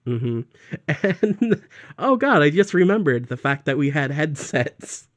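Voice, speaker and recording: A young man co-hosting a podcast in casual chat, telling animated stories, laughing often and acting out quotes. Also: fairly high pitch, takes it slowly. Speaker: podcast co-host.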